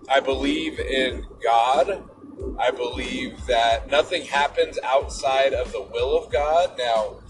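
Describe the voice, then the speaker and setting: A man's voice: medium pitch, distant mic, poor audio. A middle-aged man hosting a podcast, telling a personal story and reflecting on faith in an earnest, emphatic way. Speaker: podcast host.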